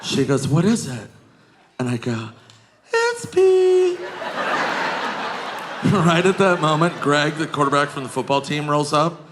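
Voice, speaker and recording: A man doing a stand-up comedy set on a club stage, jumping into shrieking high voices when he acts out drunk women. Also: normal speed, very noisy. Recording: live club recording with crowd laughter.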